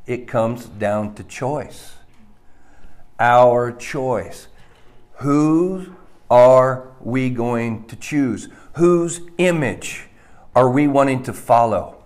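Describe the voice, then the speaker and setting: A man preaching a sermon, swinging between loud stressed words and hushed, low lines. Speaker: pastor.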